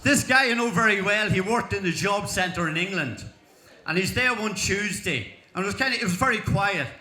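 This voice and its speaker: A man's voice: high voice, lively intonation, normal speed, pushed and bright. A man with an Irish accent telling jokes in folksy storytelling fashion, chuckling through punchlines at a school talent show. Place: school hall. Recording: echoey hall.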